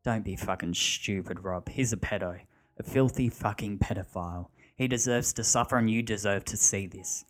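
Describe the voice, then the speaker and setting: A man reading a storybook figure: a ruthless adult male thug who talks flatly, with no emotion. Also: lowish voice, moderate pace, natural voice. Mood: cold. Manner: flat, emotionless, matter-of-fact.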